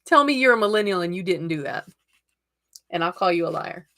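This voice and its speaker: A woman in her forties chats through a live tarot reading for her viewers. Her voice sits a little low, and she laughs easily between remarks. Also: animated, fairly quick. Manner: chatty, laughs often, addresses viewers warmly as lovelies. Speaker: host. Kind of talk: casual live-stream chat.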